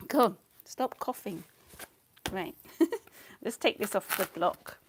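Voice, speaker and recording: A woman's voice: mid-range voice, lively intonation, very slow, pauses often, noisy background. Chatty woman streaming live. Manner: chatty, scattered, laughs often, mutters asides. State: a bit out of breath. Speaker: live-stream painting host. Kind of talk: casual live-stream chat while painting.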